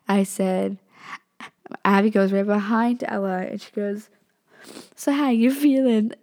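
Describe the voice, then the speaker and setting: A woman's voice: mid-range voice, creaky, darkish tone. A young woman hosting a podcast, telling a story in a rambling, casual way and swearing freely. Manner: rambling, profane, says "like" and "literally" a lot. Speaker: podcast host.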